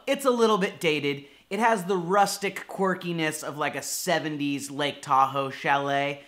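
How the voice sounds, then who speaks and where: A man's voice: on the high side, pushed and bright. Chatty young man vlogging his travels. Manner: upbeat, chatty, addresses viewers directly. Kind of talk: casual vlog talk to camera.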